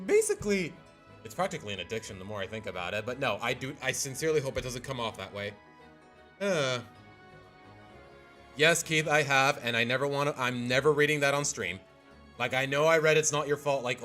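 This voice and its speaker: A man talks to his livestream chat in a loose, rambling way, often circling back with filler phrases. His voice sits at an average pitch. Faint music plays underneath. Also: expressive, fairly quick, pushed and bright. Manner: rambling, keeps saying "you know what". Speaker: streamer.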